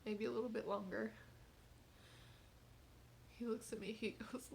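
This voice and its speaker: A woman in her thirties talks to camera in a personal video diary, her voice soft, half-whispered and halting, tearful in places. The tone is low-set and mellow with a gravelly edge, over faint background hiss. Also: fairly even intonation. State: tearful, crying at times. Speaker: mother.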